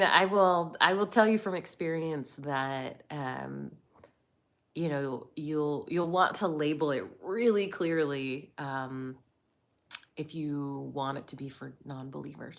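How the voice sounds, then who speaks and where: A woman's voice: low voice, a little slow, vocal fry, a bit bright. A woman hosting a casual live chat, greeting viewers by name and laughing often as she talks. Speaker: livestream host.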